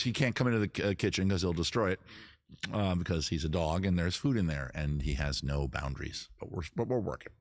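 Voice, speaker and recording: A man's voice: deep voice, dry recording, studio quality. A man hosting his own live stream, chatting casually to viewers with jokey, self-mocking asides. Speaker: streamer host.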